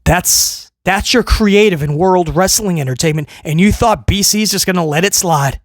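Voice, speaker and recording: A man's voice: high-pitched, normal speed, few pauses, no echo. A man hosting a wrestling talk show, ranting in a mocking, exasperated, sarcastic way.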